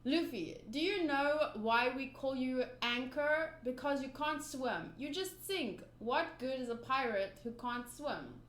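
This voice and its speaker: Woman reading as a laid-back pirate captain, teasing, fairly high voice, echoey room. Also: measured pace, few pauses. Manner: teasing and relaxed. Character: easygoing grown man pirate captain. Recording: roomy room echo.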